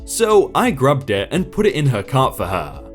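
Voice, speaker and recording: Lively man narrating a reddit story. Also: mid-range voice, moderate pace, faint music behind.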